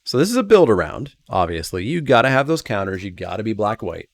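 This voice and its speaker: Gravelly low-voiced man musing on cards. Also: sing-song, brisk, dry recording. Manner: reads card text plainly, then muses with hedging asides. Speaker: channel host reviewing game cards. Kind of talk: casual solo review commentary.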